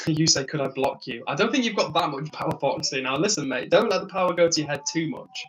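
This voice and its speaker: Bright-voiced tired man chatting on stream. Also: fairly high pitch, animated, quick pace, slight background noise, low-quality recording. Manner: chatty, laughs often, reads chat aloud. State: tired, yawning. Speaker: livestream host. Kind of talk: casual live-stream chat reading comments.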